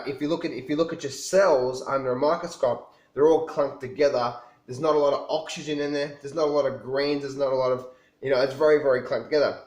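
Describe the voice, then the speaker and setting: A man telling his own story to camera in a casual, rambling way, often restarting and repeating himself. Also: on the high side. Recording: echoey room.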